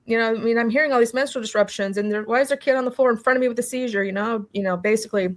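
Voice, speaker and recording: A woman's voice: a little high, racing. A woman recounting her own experience in an interview, talking animatedly, acting out what people said and often restarting with "you know". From California. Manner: animated storytelling, acting out quoted dialogue. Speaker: interview guest. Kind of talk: personal testimony in a conversation.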